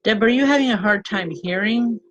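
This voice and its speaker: A woman working as a spiritual medium, giving live readings and passing on messages in an earnest, gentle, halting way. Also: mid-range voice, dull audio. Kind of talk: live online psychic readings.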